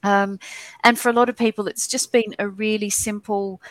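A woman co-author talks steadily about her book over a video call. Her voice is mid-pitched and sounds dry, with no room around it. She speaks informatively, with a few restarts. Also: little pitch movement, normal speed, no echo. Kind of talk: casual interview chat.

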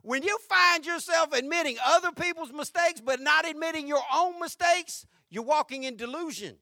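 A male pastor preaching a sermon with fervor, going from hushed tones to shouting and repeating his points. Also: extremely high pitch, normal speed, no echo, clean studio sound. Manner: fervent preaching, swinging from hushed to shouting, with repetition.

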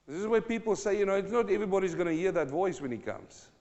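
A man preaching a sermon and reading scripture aloud, moving from quiet reading to loud, fired-up preaching. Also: sits high, expressive, fast talker, few pauses, lo-fi sound. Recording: long reverb of a large hall.

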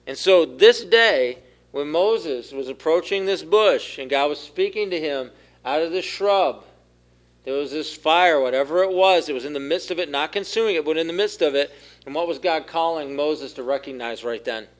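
A man giving a sermon as pastor, asking the congregation questions and growing louder at the key points. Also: fairly high pitch. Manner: asks the room questions, rises in force for key points. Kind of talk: interactive sermon.

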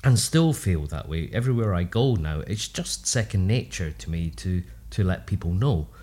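A man's voice: low voice, normal speed, slightly rough. Man telling stories with humor. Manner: warm, humorous anecdotal storytelling with lively asides. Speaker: speech and language therapist, podcast guest. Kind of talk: casual storytelling interview.

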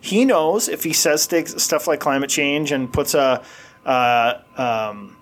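A man's voice: a little high, takes it slowly, a little hiss or hum. Blunt middle-aged man, podcast co-host. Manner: crude, blunt, laughs a lot. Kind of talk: casual chat.

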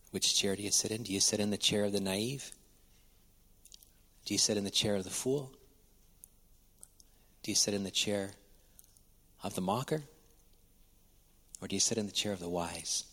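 A man's voice: fairly low pitch, gravelly, husky, long reverb tail. A man pastor preaching a sermon and closing in prayer, repeating rhetorical questions and chuckling between points. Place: church.

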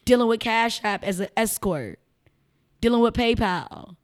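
A woman with a Chicago accent chats as a podcast guest, with a fairly high-pitched voice. She is animated and emphatic as she tells her stories. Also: unhurried. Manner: animated, emphatic storyteller who slips into mimicked voices. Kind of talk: casual interview chat.

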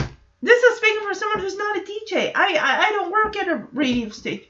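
A woman's voice: very high voice, expressive, fast, sharp tone, dull audio. A woman giving a casual, chatty reaction commentary on a TV episode, exasperated and prone to personal tangents. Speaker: show recap host.

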